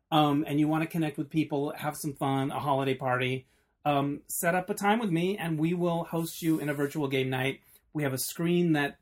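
Chatty enthusiastic podcast host, man. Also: on the high side. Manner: chatty, enthusiastic, with frequent ums. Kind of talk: podcast interview.

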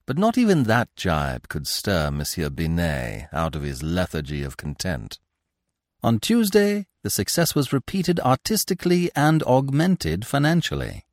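Expressive low-voiced male storyteller. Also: a little slow, dry recording, clean studio sound. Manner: theatrical, expressive. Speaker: podcast narrator. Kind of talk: scripted narration of a classic novel.

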